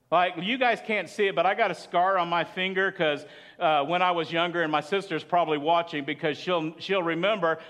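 A man's voice: sits high, fairly bright tone. A man preaching a sermon as pastor, chatty and asking the congregation questions. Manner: conversational, asks the congregation questions.

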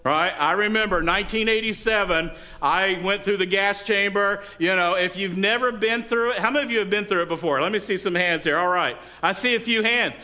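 Speaking fairly quickly with few pauses, a middle-aged pastor with a high voice preaches in church. He tells lively stories and prompts the congregation for responses.

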